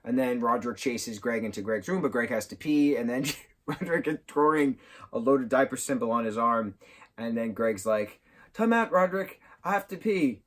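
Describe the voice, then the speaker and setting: A man reviewing a film in a casual vlog, retelling scenes excitedly with bursts of giggling and sudden jumps in pitch and volume. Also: normal speed. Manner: giggles through his retelling.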